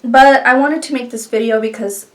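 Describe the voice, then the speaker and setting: A woman talking in a heartfelt, halting way in a casual vlog, with many fillers. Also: on the high side, recorded from a distance. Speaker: beauty YouTuber.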